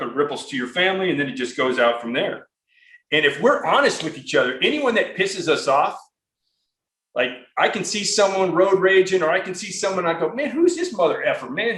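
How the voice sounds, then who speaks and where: A man's voice: on the high side, a bit bright, roomy sound, poor audio. A man hosting a podcast interview, talking in an earnest, rambling, profane way with lots of restarts. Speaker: podcast host. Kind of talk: casual conversational interview.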